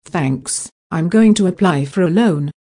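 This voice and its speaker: Mellow woman reading practice dialogue. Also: on the low side, lively intonation, unhurried, breathy edge. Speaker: dialogue reader for English practice.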